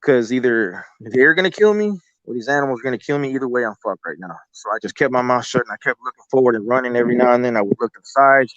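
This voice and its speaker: A man's voice: medium pitch, animated, fast, hardly any pauses, fairly bright tone, no echo. Profane rambling man telling a story. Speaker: guest telling encounter stories. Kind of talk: casual storytelling. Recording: slightly dull lo-fi audio.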